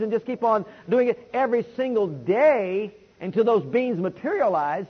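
A man preaching a sermon to a congregation, calling for responses and swinging between loud and hushed delivery. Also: sits high, expressive, moderate pace, slightly rough. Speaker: pastor. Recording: dull lo-fi recording.

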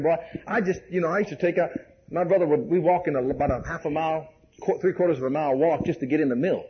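A man's voice: on the high side, dull audio. A man preaching a sermon, telling folksy stories with many "bless God"s and "amen"s, acting out dialogue and laughing along the way.

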